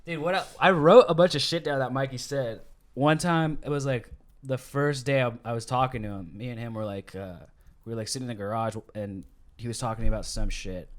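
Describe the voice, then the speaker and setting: A man's voice: medium pitch, a little fast. Rambling, profane male storyteller. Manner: rambling, profane, full of "like" and restarts; acts out quoted people in shifting voices. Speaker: podcast host telling a story. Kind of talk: casual storytelling chat.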